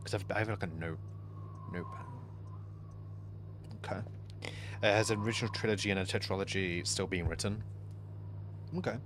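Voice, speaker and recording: Young dude streaming, lowish voice, rambly and full of ums, faint hiss behind. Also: male voice, steady tone, normal speed, pauses often. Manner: rambling storyteller, heavy on fillers and restarts. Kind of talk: casual chat while gaming on stream.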